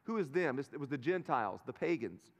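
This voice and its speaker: A man's voice: medium pitch, very animated, fairly quick, muffled recording. A man in his thirties preaching a conversational sermon as pastor, telling stories and checking in with his congregation. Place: large church sanctuary. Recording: live sermon in a reverberant sanctuary.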